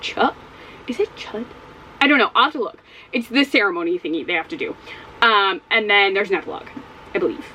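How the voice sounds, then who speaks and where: Chatty woman with a lively, bouncing voice. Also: mid-range voice, fast, slight background noise, poor audio. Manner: chatty, rambling, exclaims and repeats herself. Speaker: book vlogger. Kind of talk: casual reading vlog chat. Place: home with dogs.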